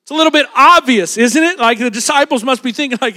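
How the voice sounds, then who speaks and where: A man's voice: very high-pitched, fast talker, pushed and bright. A young man preaching a sermon as a pastor, telling a Bible story in a casual, humorous way and acting out the voices of the people in it.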